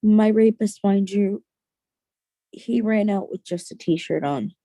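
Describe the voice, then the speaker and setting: A young adult woman, a podcast guest, telling a personal story in an earnest, halting way with many restarts. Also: medium pitch, gravelly, mellow, no echo.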